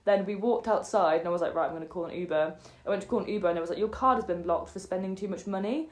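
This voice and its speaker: A young woman co-hosting a podcast, telling a night-out story in an animated way, acting out the people she quotes. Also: medium pitch, rapid-fire. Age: young adult. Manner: animated storyteller, acts out quoted voices, many fillers. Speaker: podcast co-host. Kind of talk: casual storytelling chat. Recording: echoey room.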